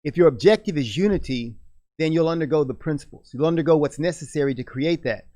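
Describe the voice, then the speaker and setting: A man's voice: on the high side, fast talker, dark tone, no room sound, clean studio sound. A middle-aged man co-hosting a radio talk show, talking earnestly in a casual discussion with lots of restarts.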